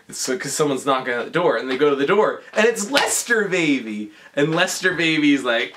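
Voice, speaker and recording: A drunk young man lurches through a movie recap. His voice is slightly raised and very bright, and he keeps restarting and swearing as he goes. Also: fairly high pitch, big pitch swings, normal speed, hardly any pauses, slight background noise. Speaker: drunk guest recounting a movie. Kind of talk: rambling drunken plot recap.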